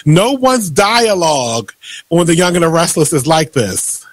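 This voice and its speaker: A man's voice: on the high side, sing-song, measured pace, dry recording. A man hosting a radio talk show, ranting animatedly and laughing often. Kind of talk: casual radio chat.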